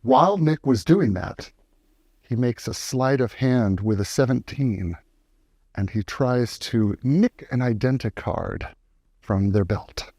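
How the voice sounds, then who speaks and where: A man's voice: medium pitch, lively intonation, slow, darkish tone, no echo, studio quality. A man playing a tabletop game who narrates his character's moves and makes playful puns. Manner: playful, punning. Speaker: player.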